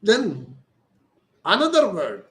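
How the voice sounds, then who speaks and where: Slow older Indian surgeon lecturing. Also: male voice, high-pitched, huge pitch swings, pushed and bright, roomy sound, low-quality recording. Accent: Indian English. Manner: slow, deliberate, repeats key words. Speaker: ENT surgeon. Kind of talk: lecture-style explanation.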